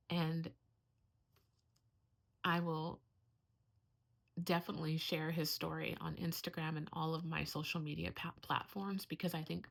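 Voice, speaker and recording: A woman's voice: lowish voice, gravelly, a bit bright. A middle-aged woman, a homeschooling mother, talking in a heartfelt, earnest way in a casual vlog, close to tears at times.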